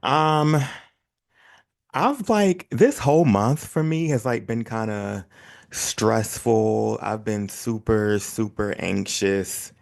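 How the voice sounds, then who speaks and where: Male solo podcast host, very deep gravelly voice, relaxed and chatty. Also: takes it slowly. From United States. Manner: relaxed, chatty, self-deprecating. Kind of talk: casual solo podcast chat.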